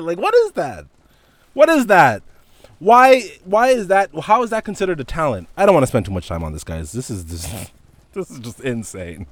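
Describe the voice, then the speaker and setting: A man's voice: mid-range voice, dry recording. A young man hosting a casual solo podcast, ranting in an exasperated, profane way and laughing between points. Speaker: podcast host. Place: indoors with heavy rain outside.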